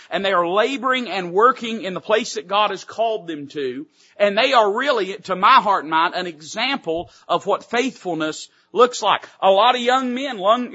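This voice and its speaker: A man's voice: high-pitched, sharp tone, breathy edge, dull audio. A man preaching a sermon to his church, building emphasis with repeated phrases. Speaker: pastor. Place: church sanctuary.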